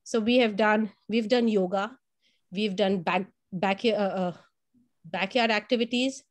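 In an unhurried, mid-range voice, a woman who provides family child care recounts stories about the children as a conversational testimonial. She's an animated storyteller, performing quotes in a raised voice and repeating words while thinking.

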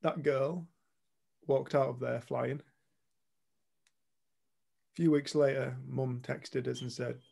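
A man's voice: medium pitch, fairly even intonation, slow pace, vocal fry, long pauses, warm tone. A man co-hosting a retreat, telling a story to a group in a blunt, earnest way and swearing casually. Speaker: retreat co-host. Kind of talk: candid storytelling talk to a group.

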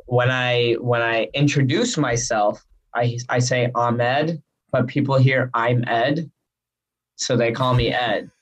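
A man's voice: mid-range voice, little pitch movement, a little slow, rough recording. An American man, a stand-up comedian, chatting playfully as a podcast guest, laughing often and filling with "like". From United States, family from Yemen. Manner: laughing, playful, uses lots of "like". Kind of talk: casual interview chat.

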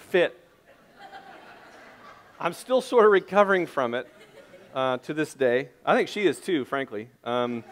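A middle-aged man preaching a sermon, telling a rambling, self-deprecating family story with many restarts. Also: on the high side. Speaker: pastor.

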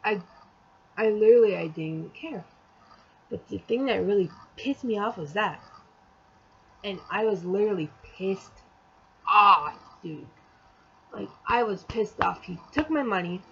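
A woman's voice: medium pitch, expressive, unhurried, creaky, long pauses, darkish tone, husky, dull audio. A young adult woman telling a storytime vlog in casual chat, rambling and exasperated, acting out the quotes as she goes. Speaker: vlogger.

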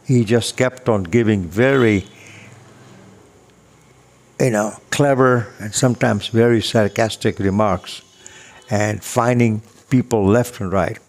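An older man telling a personal story casually, unhurried and chuckling, acting out the dialogue. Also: lowish voice, a little mellow.

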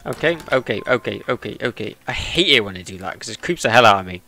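A man's voice: fairly low pitch, expressive, quick pace, bright, forceful tone, faint music behind. A man giving chatty, jokey let's-play commentary and talking to the characters on screen. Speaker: gaming YouTuber.

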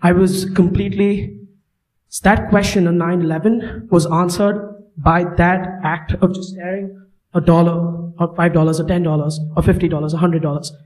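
A man's voice: high-pitched, level tone, normal speed, a little mellow, rough recording. A young man from India, a student in the audience, asking an emotional, impassioned question through a personal story. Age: young adult.

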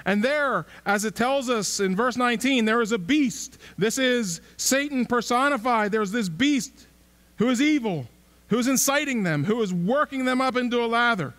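A man with a very high-pitched, fairly bright voice preaches in a church sanctuary. His sermon is conversational, full of rhetorical questions and emphatic repetition.

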